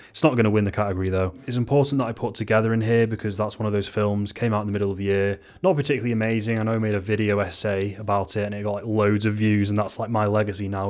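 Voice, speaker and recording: A young man giving casual, unscripted film commentary, rambling and swearing, mocking himself and breaking into sudden high-pitched exclamations. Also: a little mellow.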